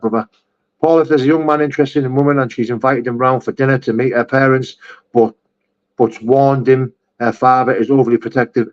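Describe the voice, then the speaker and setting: With the highs cut off from the audio, a man in a mid-range voice reads viewer messages aloud during a casual live chat. His answers are blunt and matter-of-fact, full of swearing and calls of "mate" and "brother".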